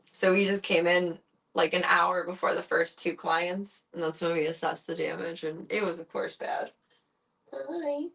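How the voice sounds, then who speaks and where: A woman's voice: fairly low pitch, a bit bright. Chatty woman cooing at animals. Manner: chatty, coos and baby-talks to animals. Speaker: streamer working with animals. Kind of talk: casual live-stream chat.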